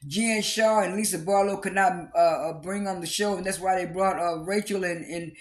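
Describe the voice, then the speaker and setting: A man recapping a reality TV episode in a casual, halting way, with lots of fillers and repeated restarts. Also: fairly even intonation. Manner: briefly acts out quoted cast lines with raised pitch.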